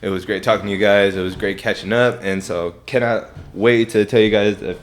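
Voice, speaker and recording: This man co-hosts a casual podcast talk in a lowish voice. He is playful and often trips over his words. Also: steady tone, brisk. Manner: playful, stammering restarts. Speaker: podcast co-host. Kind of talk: casual chat.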